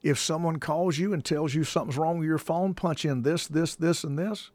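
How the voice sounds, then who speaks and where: A man's voice: on the high side, moderate pace, a little mellow, no echo. A man hosting a call-in show, talking in an emphatic, folksy way and repeating himself for stress, with touches of a preacher. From United States. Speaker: host taking calls. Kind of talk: casual on-air talk with preacherly touches.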